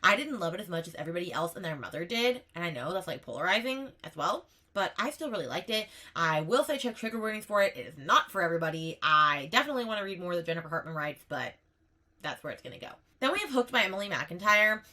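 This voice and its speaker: A woman talks fast in a casual book vlog, ranking her reads. Her voice is bright and forward, and she gushes with emphatic repeats and a running "okay?" at the end of her points. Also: lowish voice, very animated. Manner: gushing, emphatic, tags lines with "okay?". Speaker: book vlogger. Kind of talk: casual tier-ranking chat.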